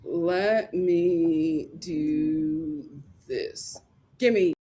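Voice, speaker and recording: A woman's voice: low voice, very slow, mellow. A woman reviewing a reality TV show on a casual live stream, ranting with exasperation and breaking into laughter.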